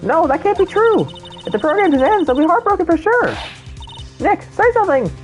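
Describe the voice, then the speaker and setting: A streamer voicing an excitable teenage girl sidekick, reading game dialogue aloud in squeaky high outbursts. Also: fast, faint music behind, heavily acted. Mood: pleading. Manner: shrill, pleading.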